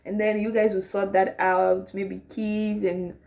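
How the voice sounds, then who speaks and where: A woman's voice: medium pitch, unhurried, creaky. A woman giving casual relationship advice, talking it through conversationally and often checking in with "okay?" and "right?". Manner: acts out sample dialogue in a rising, animated voice.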